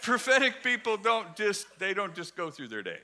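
A man preaching in a high, strikingly bright voice, animated and humorous. He drops to near-hushed tones and then bursts out with loud shouts. A faint noise sits behind him. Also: moderate pace. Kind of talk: sermon.

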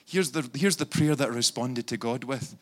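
A man's voice: medium pitch, moderate pace. A man preaching a sermon, impassioned and pleading, building into fervent prayer. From Scotland.

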